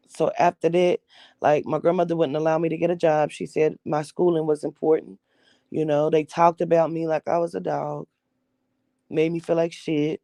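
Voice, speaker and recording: Woman, young adult, gravelly and dark-toned; blunt, profane personal storytelling. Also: low-pitched, level tone, moderate pace, dry recording. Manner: blunt, profane, acts out quoted voices. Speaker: vlogger telling her life story.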